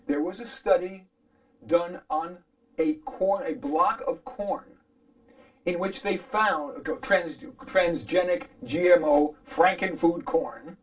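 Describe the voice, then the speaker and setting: A man's voice: high-pitched, poor audio. A man arguing his side in a formal debate, emphatic and pointed in his rebuttal.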